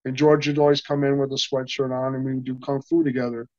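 Speaking quickly in a level, darkish mid-range voice, an older interview guest tells a casual, rambling story, restarting often and performing the quoted dialogue. The recording is dry and dull, without any room sound.

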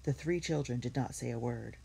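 Woman storybook reader, steady and clear. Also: a bass voice, a little fast. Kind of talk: storybook read-aloud.

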